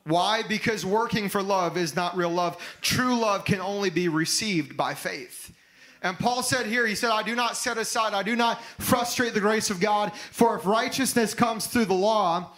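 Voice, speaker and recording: High-voiced man preaching an emphatic sermon. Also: a bit bright, rough recording. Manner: emphatic preaching, rising to fervent exclamations. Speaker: pastor.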